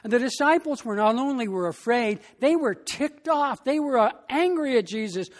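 A pastor preaching a sermon in a slow, emphatic way, with long pauses between phrases. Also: mid-range voice, animated, in a large hall.

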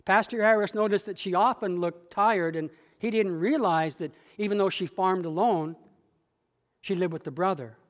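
A male pastor delivering a story sermon in a church with a measured, dramatic storytelling manner. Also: high-pitched, long reverb tail.

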